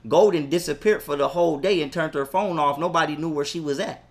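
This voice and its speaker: High-voiced man telling a heated story. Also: quick pace. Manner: heated, profane, quotes his own arguments. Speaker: interview guest. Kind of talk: casual storytelling interview.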